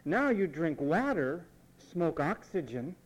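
A man preaching a sermon, emphatic and repetitive, mimicking what others say in quick asides. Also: on the high side, very animated, noisy background.

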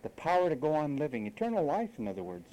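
A male preacher delivering a sermon with a lively, swooping delivery and a higher-than-usual voice. His tone is mellow and dark, and he scolds and mocks while acting out what others say. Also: fast, rough recording.

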